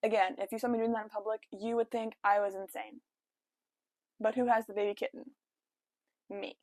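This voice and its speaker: A woman's voice: a little high, flat delivery, moderate pace, darkish tone, dry recording. A young woman chatting casually to camera at home, telling a story with lots of "like" and quoted asides. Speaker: vlogger.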